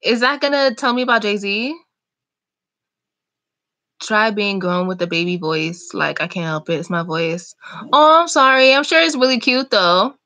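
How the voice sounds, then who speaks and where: Bright-voiced chatty woman. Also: mid-range voice, measured pace. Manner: chatty, animated, talks back to chat comments. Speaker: vlogger hosting a live chat. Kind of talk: casual live-stream chat reading comments.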